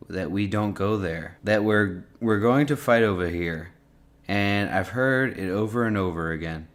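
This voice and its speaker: Low-voiced rambling podcast host, a man. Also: measured pace. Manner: rambling, many likes and restarts, trails off quietly. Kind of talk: casual podcast chat.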